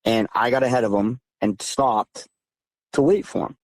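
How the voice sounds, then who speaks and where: Calling in by phone, this interview guest is a thirties-aged man from southeastern Massachusetts who relives tense encounters at a normal speed. His ordinary mid-range voice turns emphatic and animated, its pitch rising when things get heated. The recording is dry and close.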